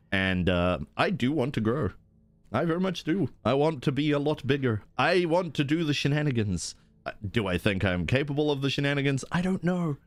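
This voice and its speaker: A man streaming from home, chatting excitedly with viewers in a rambling way, often jumping up into high-pitched bursts. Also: dry recording. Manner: rambling with restarts. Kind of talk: live-stream chat while gaming.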